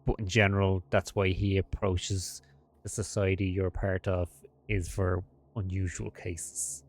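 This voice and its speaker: A man's voice: sits low, little pitch movement, unhurried. A man running a tabletop horror game as game master, casual and playful.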